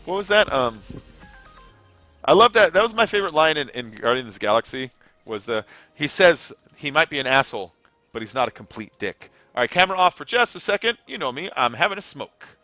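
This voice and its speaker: A talkative male streamer rambles to his chat in a loose, swearing, laughing way. His pitch swings up and down a lot and his tone is bright and tense, with faint music in the background. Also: expressive, fairly quick, no room sound. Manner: chatty, rambling, swears casually, laughs often. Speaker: gaming livestreamer. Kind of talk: casual live stream chat.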